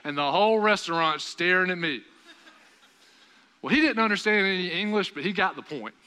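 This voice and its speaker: This young male preacher has a bright, forceful, resonant voice pitched a bit high for a man, and he speaks fairly quickly and clearly. Delivering a sermon built around a personal story, he is animated and raises his voice for the dialogue, with the long reverb of a church sanctuary behind him.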